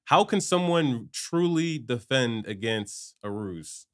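A man hosting a podcast interview, asking relaxed, conversational questions. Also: mid-range voice, takes it slowly. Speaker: podcast host. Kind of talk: casual interview chat.

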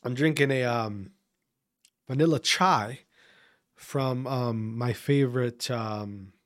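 Slow-paced and mid-range, this Wisconsin man vlogs a casual rant at the camera, swearing, repeating himself, and frequently restarting his phrases to his audience.

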